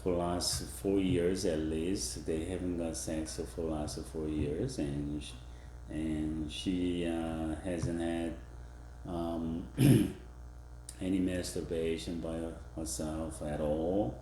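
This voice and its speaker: A male professor giving a classroom lecture, halting with fillers and restarts, acting out example phrases in different tones. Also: low-pitched, little pitch movement, dark tone, echoey room, slight background noise. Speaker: university professor.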